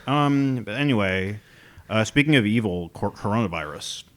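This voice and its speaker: A man's voice: lowish voice, expressive, moderate pace. A man co-hosting a podcast in casual chat, telling rambling stories with chuckles. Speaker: podcast co-host.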